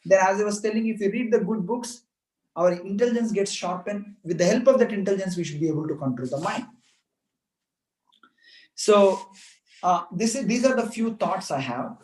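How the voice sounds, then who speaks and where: Earnest high-voiced male speaker. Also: moderate pace, pauses often, darkish tone. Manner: earnest, repetitive, asks rhetorical questions. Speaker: motivational speaker. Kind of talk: motivational talk to students. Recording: echoey room.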